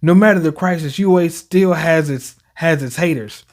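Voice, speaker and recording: A young man casually reacting to manga chapters, reading panels aloud with slang and quick laughs. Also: fairly high pitch.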